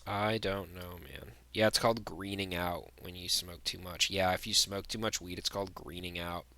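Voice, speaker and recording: A man's voice: low-pitched, steady tone, normal speed, bright, forceful tone. A young man giving blunt, rambling tier-list commentary, full of fillers and restarts. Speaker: vlogger.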